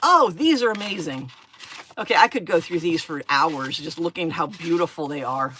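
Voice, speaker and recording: Gushing woman crafter, excited exclamations. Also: low-pitched, moderate pace, a little hiss or hum. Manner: gushing, rambling, lots of gasps and exclamations. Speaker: craft channel host. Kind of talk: live-stream unboxing chat.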